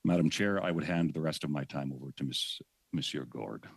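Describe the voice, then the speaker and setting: Very deep-voiced man questioning a minister. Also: gravelly, breathy edge, no room sound. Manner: pointed, measured questioning. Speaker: member of parliament questioning a minister. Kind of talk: committee questioning.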